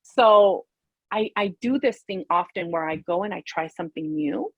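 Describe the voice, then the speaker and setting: A woman's voice: moderate pace, no room sound, highs cut off. A woman guest, a therapist and life coach, telling a story in casual chat and acting out what people said with big jumps in her voice. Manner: animated, acts out quoted voices with big pitch jumps.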